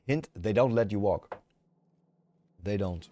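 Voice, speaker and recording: A man's voice: fairly low pitch, slow pace, dark tone. A man from Germany with a German accent, chatting casually with viewers on a livestream in a rambling, frank and profane way.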